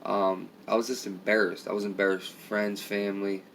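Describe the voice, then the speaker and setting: A low, flat-voiced man talks frankly and confessionally, dropping "man" and "okay" as he goes. His voice sits back from the mic, with a faint hum of ambient noise behind him. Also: a little fast, distant mic. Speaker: channel host. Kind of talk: casual talk to camera.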